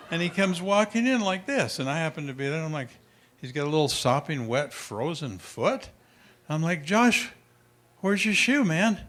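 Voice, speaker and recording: An older man giving a parenting talk at a conference, telling lively anecdotes to an audience and acting out his son's voice. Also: medium pitch. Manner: animated storyteller, acts out his child's voice. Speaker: parenting speaker.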